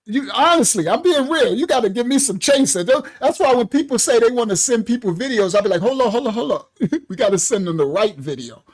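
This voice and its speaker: Male ministry leader on a casual livestream; slangy, laughing, acts out voices, very lively pitch. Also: brisk. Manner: animated, laughing, heavy slang.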